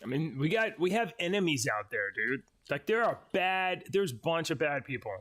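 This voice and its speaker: A man's voice: a little high, big pitch swings, normal speed, a bit bright. A man co-hosting a casual podcast chat, hedging and arguing his points with many restarts. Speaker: podcast co-host.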